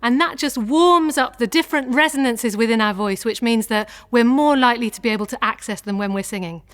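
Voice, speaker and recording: Encouraging woman leading vocal warm-ups. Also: a little high, fairly quick. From England. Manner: encouraging, clear instructions, demonstrates sounds. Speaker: singing teacher.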